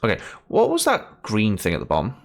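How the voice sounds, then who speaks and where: A man's voice: lowish voice, wildly swooping pitch, brisk, creaky. A Scottish man giving casual, chatty commentary as he plays a game, laughing often and thinking aloud. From Scotland. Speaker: gaming streamer.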